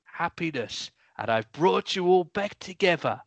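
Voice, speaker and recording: A man putting on a jolly, bumbling old Father Christmas with a booming ho-ho laugh for a comedy podcast skit. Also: animated, unhurried, vocal fry, dry recording, full character voice. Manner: bumbling, playful.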